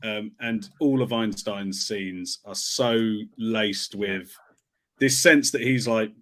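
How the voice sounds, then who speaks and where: A man's voice: on the low side, slow pace. A man, a film critic guest chatting enthusiastically and laughing between points. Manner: animated, enthusiastic, laughs a lot, does voices. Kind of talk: casual film-review chat.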